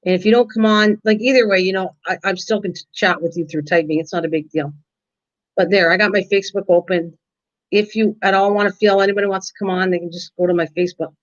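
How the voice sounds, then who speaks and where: Older woman, chatty rambling host, answers viewers by name, mid-pitched voice, lo-fi stream sound. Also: fairly even intonation, quick pace. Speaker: live-stream craft host. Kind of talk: casual live-stream chat. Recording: dull lo-fi stream audio.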